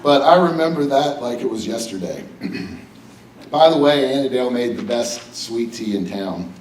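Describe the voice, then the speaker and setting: A man's voice: mid-range voice, animated, a little slow, recorded from a distance, slight background noise. Middle-aged man giving an induction speech. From West Virginia, USA. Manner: warm, joking and personal. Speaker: hall of fame inductee. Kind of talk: acceptance speech. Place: banquet hall with audience. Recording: echoey hall, speaker a bit off mic.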